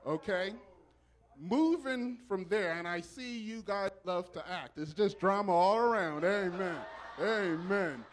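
A man who is a pastor, speaking in church in a preacherly style with loud exclamations and call and response. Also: high voice, slow pace. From Southern California. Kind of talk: church welcome speech. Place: church sanctuary.

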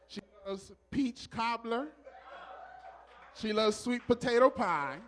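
A man who is a pastor, speaking in church in a preacherly style with loud exclamations and call and response. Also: extremely high pitch, animated, takes it slowly, long pauses. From Southern California. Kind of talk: church welcome speech. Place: church sanctuary.

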